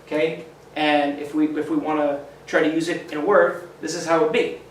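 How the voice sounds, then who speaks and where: A male teacher giving a phonics lesson to children, sounding out letters slowly and encouragingly. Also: a little high, little pitch movement, a little hiss or hum. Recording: echoey room, mic at a distance.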